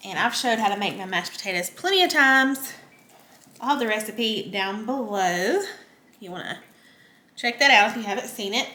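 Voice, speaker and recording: A woman's voice: a little high, pushed and bright, a little hiss or hum. Folksy Southern woman cooking at home. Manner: chatty, folksy, addresses viewers as y'all. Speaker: home cook host. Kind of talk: casual cooking tutorial. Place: home kitchen.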